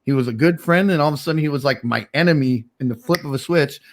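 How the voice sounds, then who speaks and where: A man's voice: on the high side, fast. A man hosting a casual livestream chat, telling a story in a rambling, laid-back way with lots of fillers. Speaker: streamer host.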